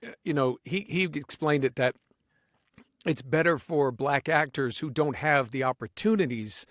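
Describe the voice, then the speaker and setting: A man guesting on a podcast as a voice actor, talking in an animated way and slipping into quick voices. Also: medium pitch, no room sound, studio quality. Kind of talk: casual podcast conversation.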